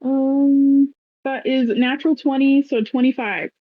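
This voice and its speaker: A woman's voice: high voice, steady tone, a little slow, slight background noise. A woman playing a tabletop game, talking casually and hesitantly with fillers. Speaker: player. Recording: dull lo-fi dry mic.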